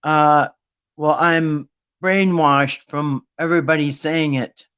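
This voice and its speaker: A man's voice: on the high side, fairly even intonation, takes it slowly, a bit bright, smooth, highs cut off. A man hosting a Bible study talk, ranting with sarcasm in a rambling, casual monologue.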